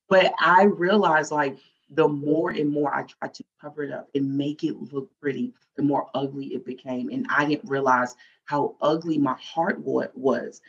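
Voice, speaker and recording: A woman with a husky, breathy voice tells her faith story openly and from the heart. She slips into lively voices when she quotes her past self. The recording sounds slightly muffled and lo-fi. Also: deep voice, moderate pace. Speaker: guest. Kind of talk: personal faith testimony.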